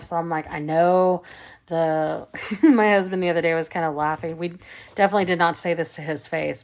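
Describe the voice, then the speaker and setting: A woman in her thirties chatting casually and giggling while she counts cash for budget savings, her voice trailing off into soft counting. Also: lowish voice. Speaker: budgeting vlogger.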